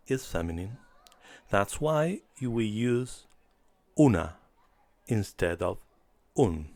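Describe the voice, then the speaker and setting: A man delivers a beginner language lesson at an unhurried pace, his voice sitting in a middle register. He speaks in a deliberate, carefully enunciated scripted manner, pausing between short phrases. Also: medium pitch. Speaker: language teacher.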